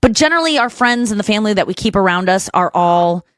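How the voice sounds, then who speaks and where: A woman's voice: mid-range voice, expressive, no echo. Frank, rambling woman podcast host, dry sound. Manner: frank, rambling, quick asides. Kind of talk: casual podcast chat.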